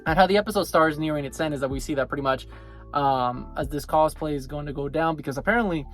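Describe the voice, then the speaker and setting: A man's voice: a little high, fast talker, fairly bright tone, faint music behind. A young man casually recapping an anime episode, rambling with many fillers as he retells the scenes. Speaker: anime reviewer.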